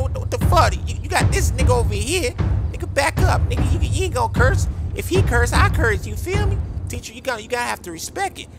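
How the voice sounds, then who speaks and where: A man voicing a brash, cocky young male rapper in a game role-play, swearing in street slang. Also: high voice.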